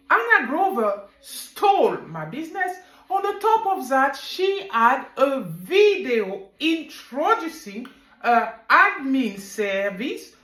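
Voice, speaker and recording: Slow, animated high-voiced woman. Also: reverberant, rough recording. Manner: animated, emphatic, very drawn-out delivery. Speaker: online business owner. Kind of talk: personal storytelling vlog.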